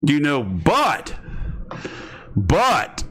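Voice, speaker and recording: Rambling casual man with higher voice. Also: huge pitch swings, very slow, sharp tone, husky. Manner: rambling, joking, slangy, lots of fillers and restarts. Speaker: host. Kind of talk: casual boxing commentary.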